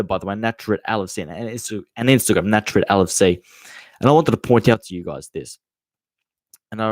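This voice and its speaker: A man's voice: fairly low pitch, dry recording. A nineteen-year-old Australian man hosting a casual podcast Q&A, rambling and swearing freely, calling listeners mate. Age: teens. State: hot and sweaty. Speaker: podcast host. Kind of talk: casual live Q&A chat.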